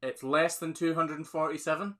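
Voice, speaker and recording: A man's voice: fairly high pitch, fairly even intonation, fairly quick, a bit bright. A man with a Scottish accent hosting a casual live Q&A on his phone, chatty and upbeat, laughing often as he reads viewer comments. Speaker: livestream host, hoof trimmer.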